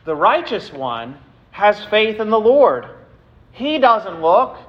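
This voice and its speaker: A man preaching a sermon as pastor, deliberate and building to emphatic, repeated exhortations. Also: high-pitched, a bit bright, muffled recording.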